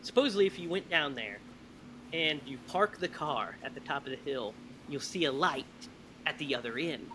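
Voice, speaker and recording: A man hosting a podcast, telling stories in a lively, animated way. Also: a little high, moderate pace, background noise. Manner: animated storyteller, laughs often. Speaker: podcast host. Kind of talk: casual chat.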